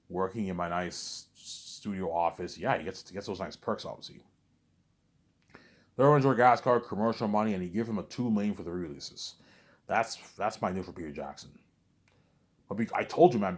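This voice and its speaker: A man talks in a rambling vlog monologue, boastful and repetitive, with swearing mixed in. He speaks quickly in a low voice. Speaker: vlogger.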